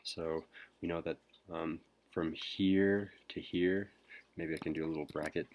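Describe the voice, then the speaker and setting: A man teacher whispering a recorded math lesson, hesitant with frequent pauses. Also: low voice, fairly even intonation. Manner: whispering softly; hesitant, many ums.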